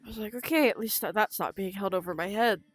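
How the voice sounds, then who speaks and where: A young woman telling her own story in an unscripted vlog, halting and emotional, with frequent swearing. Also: mid-range voice, dry recording, faint music behind. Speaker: vlogger.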